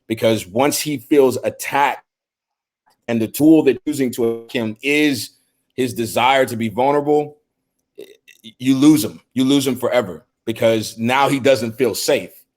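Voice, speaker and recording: A middle-aged man speaking on a podcast in an earnest, heartfelt way. His voice sits at an ordinary pitch, and he often repeats his first words before settling into a thought. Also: measured pace. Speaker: podcast co-host. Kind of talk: casual discussion.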